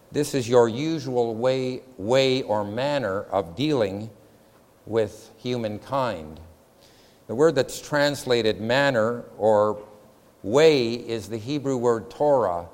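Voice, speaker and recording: A man lecturing a class in a methodical, step-by-step way, numbering his points and pausing to question the room. His voice sits at an ordinary middle pitch. A long reverb trails behind every phrase. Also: a little mellow.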